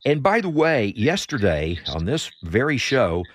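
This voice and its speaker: A man's voice: medium pitch, sing-song, a little slow. A man hosting political talk radio, telling stories animatedly with hesitant restarts. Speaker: radio talk show host.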